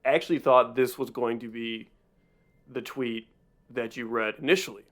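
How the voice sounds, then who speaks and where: A man's voice: medium pitch, moderate pace, a bit bright. Rambling male podcast co-host. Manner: rambling, self-interrupting storyteller. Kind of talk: casual comedic chat.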